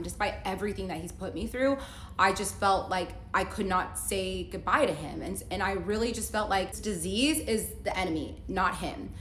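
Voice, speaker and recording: In an echoey room with a little faint noise, a young woman tells a personal story about a relationship for a casual story-time vlog. Her medium-pitched, fairly bright voice comes across chatty, leaning heavily on "like" and acting out the dialogue she quotes.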